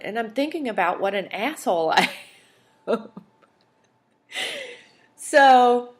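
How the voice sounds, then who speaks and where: A woman hosting a podcast, telling a personal story in a candid, emotional, chatty way. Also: on the high side. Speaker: podcast host.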